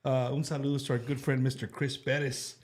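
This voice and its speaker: A man hosting a casual interview show, chatty and relaxed, dropping in Spanish phrases. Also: medium pitch, brisk. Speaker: show host.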